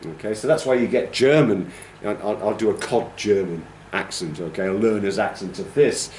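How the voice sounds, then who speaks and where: A man's voice: on the low side, moderate pace, a little mellow, a little hiss or hum. Man, teacher trainer, classroom lecture, explanatory, hums out rhythms, roomy echo. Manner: explanatory, checks in with "okay?"; demonstrates rhythms by humming and counting.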